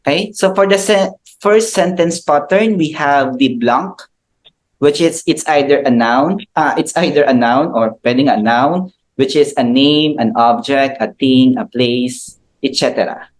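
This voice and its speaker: Brief: Filipino male teacher, patient online lesson, mid-pitched, keeps asking "okay?", video-call sound. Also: a little slow, poor audio. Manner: explains patiently, checks in with "okay?". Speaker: Japanese language teacher. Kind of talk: online class lecture.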